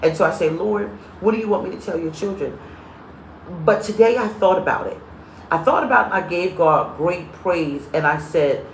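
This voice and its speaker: A woman's voice: on the low side, normal speed, slight background noise. A woman pastor giving a live-streamed sermon, telling stories with humor and greeting viewers by name as she goes. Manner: lively, comedic storyteller. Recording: echoey room.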